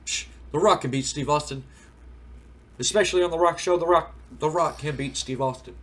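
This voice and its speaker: A man's voice: fairly high pitch, brisk, a bit bright, natural voice. A man doing an impression of a cocky male wrestler who boasts and talks about himself in the third person. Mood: boastful.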